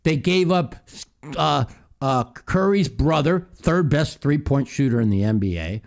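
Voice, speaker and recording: Lively, profane man ranting. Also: a little high, unhurried, vocal fry. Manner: profane, heated ranting with mocking quotes. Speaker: call-in show host. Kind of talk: call-in talk show.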